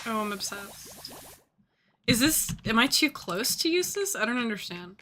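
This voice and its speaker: A woman's voice: on the high side, big pitch swings, moderate pace, sharp tone, slight background noise. A young woman streaming a game, chatting casually and rambling with lots of fillers. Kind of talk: casual gaming stream chat.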